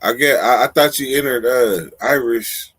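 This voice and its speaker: A man's voice: medium pitch, moderate pace, fairly bright tone, husky. A man chatting casually on a live stream, laid-back, with drawling slang.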